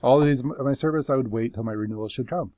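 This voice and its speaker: A man's voice: medium pitch, fast, warm tone, no echo, lightly acted. A man voicing a suffering man who pleads his innocence before God, passionate and bitter. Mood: anguished.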